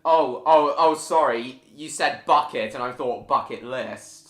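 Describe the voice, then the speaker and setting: Guy hosting a live stream, bright tone, lots of ums and restarts. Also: medium pitch, roomy sound. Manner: chatty, halting with fillers and restarts. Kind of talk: casual live stream chat reading comments.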